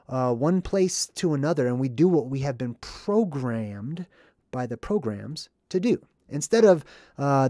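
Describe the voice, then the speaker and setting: A man giving casual, earnest commentary on a film, stressing key words slowly and with emphasis. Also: medium pitch, dark tone, no room sound, studio quality. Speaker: movie commentary vlogger.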